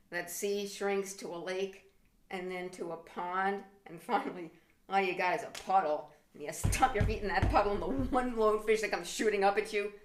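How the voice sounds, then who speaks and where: A middle-aged woman with a mid-range voice performs a theatrical stand-up comedy monologue, dropping into sudden hushed whispers and mock outbursts. The recording has a roomy echo and a noisy background.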